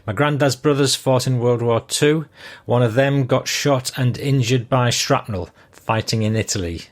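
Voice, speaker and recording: An older man hosting a podcast, reading listener messages aloud in a relaxed, conversational way. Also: mid-range voice, moderate pace. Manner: relaxed, conversational, with frequent ums. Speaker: podcast host.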